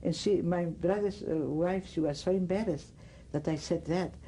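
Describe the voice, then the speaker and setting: An older woman with a Greek accent, giving oral history testimony in halting speech, often searching for words. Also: lowish voice, warm tone, slight background noise, low-quality recording. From Greece. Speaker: interviewee.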